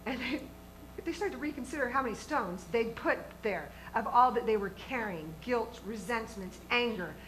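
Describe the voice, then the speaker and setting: A woman's voice: a little high, lively intonation, moderate pace, fairly bright tone, slight background noise, low-quality recording. A woman minister giving a sermon to her congregation in an earnest, emphatic way, often asking them questions. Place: church sanctuary with a congregation.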